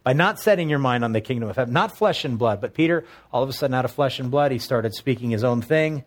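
A man's voice: medium pitch, animated, fast. A man preaching a sermon, reading scripture aloud and explaining it in a conversational way with humorous asides. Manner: expository Bible teaching with humorous asides. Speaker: pastor.

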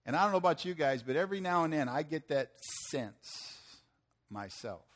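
Animated and moderately paced, a fifty-something pastor with a voice on the high side delivers a sermon like a conversation. He asks his listeners questions and dramatizes quotes in slangy lines.

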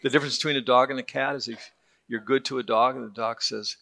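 Man teaching Bible class, gravelly voice, bright and forceful tone, joking, conversational. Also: mid-range voice, fairly even intonation, quick pace. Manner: joking, conversational, repeats words when restarting.

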